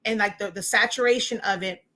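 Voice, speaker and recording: Woman instructor, crisp bright voice, chatty and rambling, fillers and asides, home craft room feel. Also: medium pitch, a little fast. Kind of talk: casual show-and-tell tutorial.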